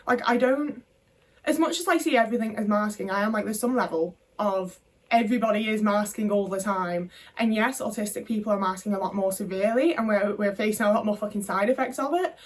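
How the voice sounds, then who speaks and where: A woman's voice: mid-range voice, brisk, recorded from a distance. A young woman talking to camera in a candid, frustrated monologue, swearing freely. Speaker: vlogger.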